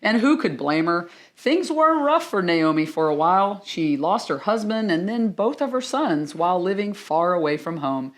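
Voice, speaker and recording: A woman playing a lively, expressive co-reporter. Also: lowish voice, normal speed, few pauses, close to an everyday voice. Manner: conversational, mock-newscast delivery. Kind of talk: church skit for children.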